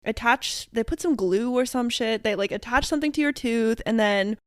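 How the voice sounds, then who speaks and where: Chatty young woman with a bright voice. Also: fairly high pitch, moderate pace, dry recording, studio quality. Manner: animated, acts out quoted dialogue, frequent "like", laughs often. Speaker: podcast co-host. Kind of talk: casual storytelling chat.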